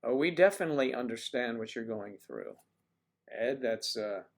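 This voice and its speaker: A man hosts a casual livestream and talks straight to his viewers. His delivery is playful and rambling, full of teasing asides. His voice sits at an ordinary, middle pitch. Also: animated, moderate pace. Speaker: livestream host.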